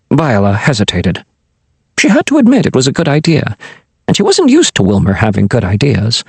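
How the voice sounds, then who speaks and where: Brief: man narrator for a kids' fantasy audiobook, husky tone, very lively pitch. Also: normal speed, dry recording. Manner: expressive storytelling. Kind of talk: scripted narration of a children's fantasy novel.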